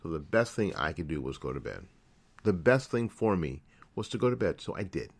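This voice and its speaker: A man's voice: sits low, sing-song, fairly quick. A middle-aged man hosting his own internet radio show, telling a personal story in a casual monologue, repeating phrases and correcting himself as he goes. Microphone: studio microphone.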